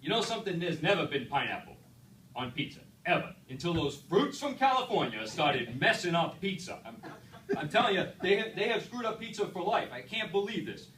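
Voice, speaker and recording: A man voicing a hot-tempered middle-aged pizzeria owner with a New York accent, loud and stubborn, repeating himself. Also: medium pitch, sing-song, a little fast. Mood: ranting. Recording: echoey room, far mic, background noise.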